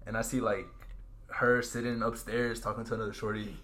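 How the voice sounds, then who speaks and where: A man's voice: lowish voice, flat delivery, fairly bright tone. Teasing slangy young man. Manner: slangy, teasing, quick-laughing. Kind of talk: casual chat.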